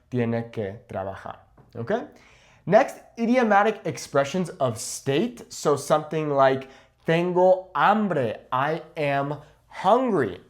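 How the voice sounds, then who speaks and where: Lively male Spanish teacher. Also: fairly high pitch. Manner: clear, explanatory, slows down to model Spanish phrases. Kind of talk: language lesson.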